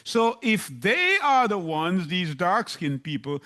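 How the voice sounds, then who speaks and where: Male preacher, slightly high voice, slow emphatic delivery, scripture reading and rhetorical questions. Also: very animated, pushed and bright. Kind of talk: sermon.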